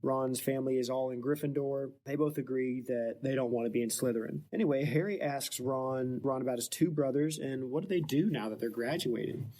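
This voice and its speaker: A man hosting a casual book podcast, retelling the plot playfully with quick joking asides. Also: mid-range voice, warm tone. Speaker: podcast host.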